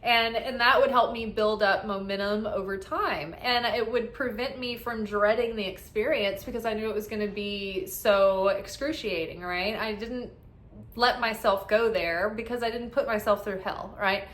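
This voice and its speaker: A woman's voice: medium pitch, fairly even intonation, normal speed, a bit bright, reverberant. A woman giving casual spiritual guidance as an oracle card reader, chatty and upbeat, often tagging "right?" onto her thoughts.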